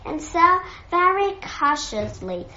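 A woman reads a children's story aloud in a gentle, measured way. Her voice is somewhat high and very unhurried. The recording has an echoey room and a dull, muffled tone. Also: big pitch swings, slight background noise. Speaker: narrator. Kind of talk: reading a children's novel aloud.

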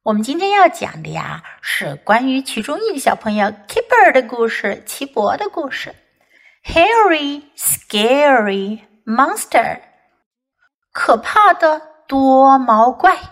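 A woman's voice: high voice, slow. A woman English teacher reading a children's picture book aloud, line by line in two languages, and talking to children directly. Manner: animated, addresses children directly. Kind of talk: bilingual storybook reading for children.

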